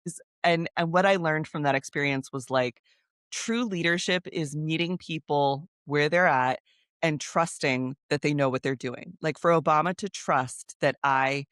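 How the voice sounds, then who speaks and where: A woman's voice: sits low, a bit bright, no echo. Chatty woman telling a story, dry sound. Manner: chatty, fast, with quoted voices and laughs. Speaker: guest, news creator. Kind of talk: casual storytelling interview.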